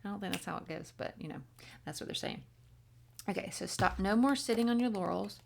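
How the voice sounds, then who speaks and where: A woman's voice: medium pitch, fairly quick, gravelly, slight background noise. A woman giving a casual spoken tarot reading, chatty and blunt, swearing freely and slipping into whispers. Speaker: tarot reader.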